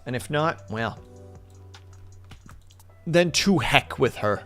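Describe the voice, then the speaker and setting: A male streamer chats with his viewers in a loose, rambling way and pokes fun at himself. His pitch jumps around a lot as he talks. Faint music plays quietly under his voice. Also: animated, slow. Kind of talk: casual live-stream chat.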